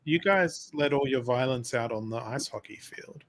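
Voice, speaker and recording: A man's voice: medium pitch, moderate pace, a crowd in the background. An Australian man with an Australian accent, joking irreverently in casual chat. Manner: joking, irreverent, laughs a lot.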